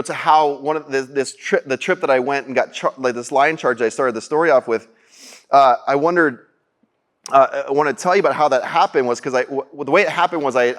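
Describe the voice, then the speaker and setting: A man giving a keynote, telling a personal story in a rambling, self-correcting way, laughing often and getting animated when quoting himself. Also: fairly high pitch. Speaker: keynote speaker.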